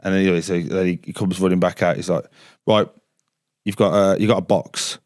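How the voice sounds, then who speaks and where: A man and former footballer telling a story in a casual podcast chat, swearing freely and dropping to a hush when he quotes others. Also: low voice, level tone, brisk, dry recording, studio quality. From England. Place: basement studio.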